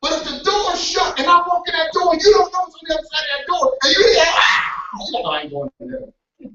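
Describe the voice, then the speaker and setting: Animated high-voiced preacher in an echoey hall. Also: male voice, fast talker. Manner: animated, acts out shouts and quoted voices. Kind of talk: motivational sermon. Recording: very echoey hall, distant mic, dull sound.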